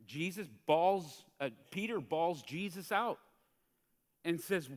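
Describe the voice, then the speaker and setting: Male pastor, high lively voice, conversational sermon, long church reverb. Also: slow pace. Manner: animated, conversational preaching, acts out quotes. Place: church sanctuary.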